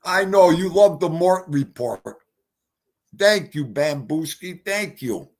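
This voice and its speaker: Brash, profane New livestream host. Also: male voice, on the high side, expressive, slow. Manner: brash, profane, greets chatters. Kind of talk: casual livestream chat.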